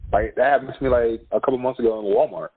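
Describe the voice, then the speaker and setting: Husky laid-back man telling stories. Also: mid-range voice, steady tone, racing. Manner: laid-back storyteller, laughs a lot. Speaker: school counselor and podcast guest. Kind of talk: casual podcast chat. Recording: phone-like narrow sound.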